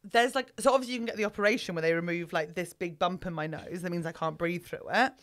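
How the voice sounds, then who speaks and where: A woman's voice: on the low side, fast talker, fairly bright tone. A woman co-hosting a chat podcast, rambling with lots of "like" and laughing often. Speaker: podcast co-host. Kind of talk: casual chat.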